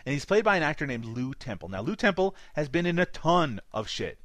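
A man's voice: a little high, sing-song, fairly quick, fairly bright tone, no echo. A man with a light Newfoundland accent recapping a movie in casual podcast chat, laughing often and swearing casually. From Newfoundland, Canada. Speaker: podcast co-host.

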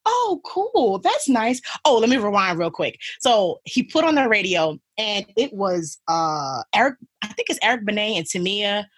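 A young woman telling a story in casual chat, animated and laughing, acting out what people said. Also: medium pitch, normal speed, hardly any pauses, no room sound. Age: young adult. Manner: animated, laughing, acts out quotes. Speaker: guest.

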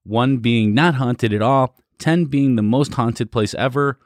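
A man's voice: medium pitch, unhurried, no room sound, studio quality. A man co-hosting a podcast in casual chat, easygoing and lightly teasing. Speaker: podcast co-host.

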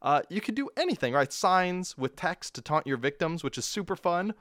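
A man's voice: high-pitched, expressive, normal speed, fairly bright tone, no echo, studio quality. A man hosting a casual game review podcast, rambling, self-mocking and laughing often. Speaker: podcast host.

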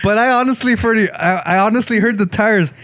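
A man tells a story in loose, profane chat, now and then dropping into Spanish. His voice sits a bit high for a man. The room is dead and dry. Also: fairly quick, a bit bright, dry recording. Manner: profane, laid-back, switches into Spanish. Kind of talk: casual storytelling.

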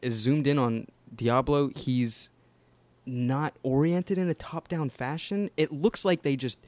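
A man's voice: mid-range voice, unhurried, a little mellow, no echo. A man in casual reaction chat who rambles and restarts his sentences often. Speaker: commentator.

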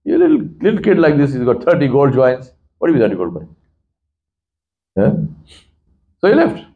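Male imam delivering a sermon, animated storyteller, speaks directly to listeners. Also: normal speed, phone-quality sound. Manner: animated storyteller, acts out voices with big pitch swings; conversational, addresses listeners directly.

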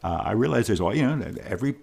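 Deep gravelly man interviewing. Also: animated, fast, darkish tone. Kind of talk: conversational interview.

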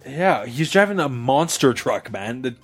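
A man's voice: medium pitch, unhurried, husky, soft background music. A man telling a story in casual chat with friends, swearing and acting out the voices of the people in it. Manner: animated, swears a lot, acts out voices. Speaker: podcast host telling a story.

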